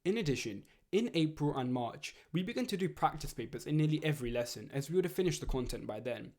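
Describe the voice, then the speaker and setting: Earnest teenage boy, steady read-aloud delivery. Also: fairly high pitch, quick pace. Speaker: student giving study advice. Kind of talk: scripted educational narration.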